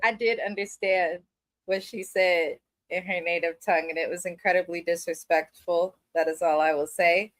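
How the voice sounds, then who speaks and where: A woman co-hosting a podcast, giving her take in a measured, deliberate way. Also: fairly low pitch, fairly even intonation, no room sound. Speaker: podcast co-host. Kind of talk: casual reality-TV recap.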